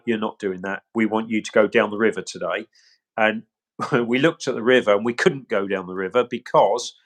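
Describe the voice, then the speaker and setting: Man, middle-aged, interview guest, emphatic retelling, average pitch. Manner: emphatic, quotes others' words, repeats points. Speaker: search specialist interviewee. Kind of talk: recounting events in an interview.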